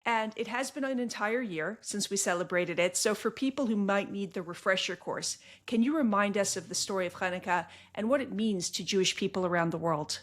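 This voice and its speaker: A woman's voice: medium pitch, fairly quick, few pauses. Earnest woman podcast host. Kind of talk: scripted intro then interview.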